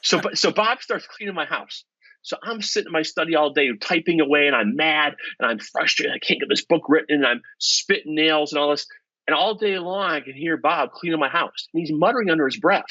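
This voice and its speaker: A middle-aged man, a professor and podcast guest, telling stories in an animated, self-deprecating way. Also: a little high, brisk, dry recording. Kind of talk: storytelling in conversation. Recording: dull lo-fi podcast audio.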